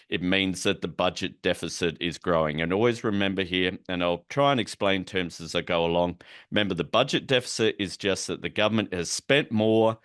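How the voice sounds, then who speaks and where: Deep-voiced man explaining policy. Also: fairly bright tone, smooth, dry recording, studio quality. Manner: conversational, explains terms as he goes, with asides and light humor. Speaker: policy educator. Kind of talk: recorded explanatory lecture.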